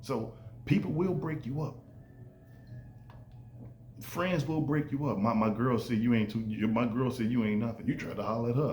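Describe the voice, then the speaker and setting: A man talks through a casual podcast monologue, lively and animated, leaping into higher voices when he quotes people. His middle-pitched voice sounds roomy and echoey, with a faint hum of ambience behind it. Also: normal speed. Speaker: podcast host.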